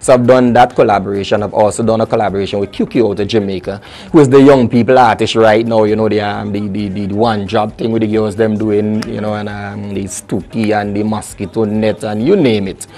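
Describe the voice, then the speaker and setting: A young adult man, a soca artist chatting lively and casually in an interview. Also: lowish voice, fairly quick, hardly any pauses. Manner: lively, chatty, full of restarts and local phrasing.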